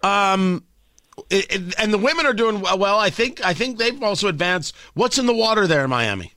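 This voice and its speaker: A man's voice: high voice, animated, moderate pace, sharp tone, no echo, studio quality. A man hosting a sports radio show, bantering and joking with a guest.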